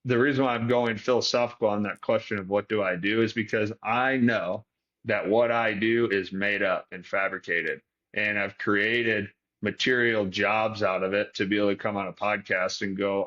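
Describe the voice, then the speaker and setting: A man from Detroit muses philosophically as a podcast guest, his voice bright and forceful but held in a flat, even pitch. He thinks aloud in long, winding sentences, and the recording sounds a little dull and lo-fi. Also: normal speed. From Detroit, Michigan. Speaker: guest, performance coach. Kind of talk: reflective podcast conversation.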